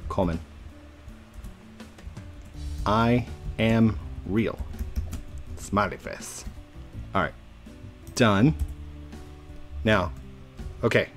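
A man's voice: sits low, darkish tone. A young man chatting playfully while playing a building game, laughing often and talking to his viewers. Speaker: gaming YouTuber. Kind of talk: casual gameplay commentary.

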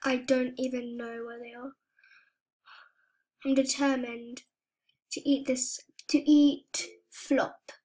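A young woman giving soft-spoken, anxious commentary as she plays a video game. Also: fairly high pitch, level tone, takes it slowly, long pauses. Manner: soft-spoken, often hushed, anxious chatter. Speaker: gaming YouTuber. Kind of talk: casual gameplay commentary.

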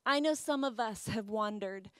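A woman's voice: mid-range voice, normal speed, clean tone, no room sound, clean studio sound. A woman pastor preaching a sermon, telling a personal story with rising passion. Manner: impassioned storytelling, rising to emotional peaks. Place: church.

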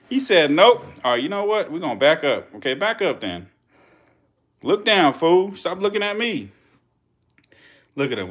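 A young adult man with a Californian accent, hosting a casual vlog with slangy, profane, excitable commentary and laughing asides to viewers. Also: mid-range voice, slight background noise. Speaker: channel host feeding snakes.

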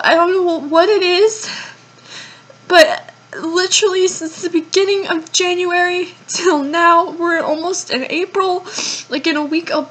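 A woman's voice: very high-pitched, a bit bright. A young woman talking to camera in her room, tearful and panicky, rambling, swearing and apologizing over and over. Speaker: vlogger. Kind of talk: emotional vlog confession. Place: bedroom at home.

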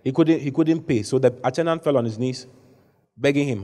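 A man preaching a sermon to a congregation in a large church hall, animated, at times shouting. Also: mid-range voice, brisk. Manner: animated preaching, rising to shouts when acting out the story. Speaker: bishop preaching.

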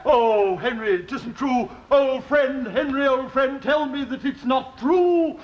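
A pompous fussy bishop. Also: male voice, very high-pitched, slow pace. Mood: anguished. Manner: pompous, flustered, grandly quoting scripture. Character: pompous fussy middle-aged male bishop. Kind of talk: 1960s studio sitcom acting. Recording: muffled old TV recording with faint hiss.

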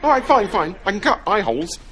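A man's voice: sits high, very animated, fast talker, sharp tone, a little hiss or hum, pitched above the performer's own voice, full character voice. A man playing a fussy, evasive male Southern US tailor, with a Southern US accent, in sketch comedy. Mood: flustered. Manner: flustered, evasive.

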